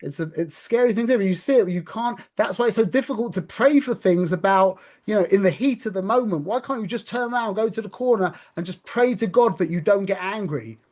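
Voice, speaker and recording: A man's voice: sits high, expressive, a little fast, hardly any pauses, darkish tone. Chatty man giving a spiritual talk. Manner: conversational, frequent "yeah?" check-ins, restarts. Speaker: religious speaker.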